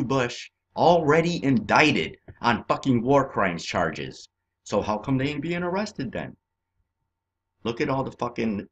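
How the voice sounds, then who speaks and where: A man from California ranting in a profane, agitated way over on-screen maps, swinging between shouting and muttering. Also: mid-range voice, lo-fi sound. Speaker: vlogger.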